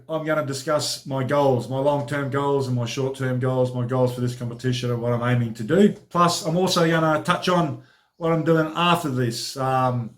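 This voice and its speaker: A man hosting his own training diary vlog as a personal trainer, talking in a chatty, informal, upbeat way. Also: mid-range voice.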